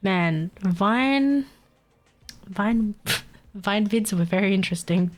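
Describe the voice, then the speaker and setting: A woman's voice: medium pitch, slow pace, faint music behind. A young Australian woman chatting casually on a live stream, laughing often and poking fun at accents. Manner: giggly, chatty, mocks accents.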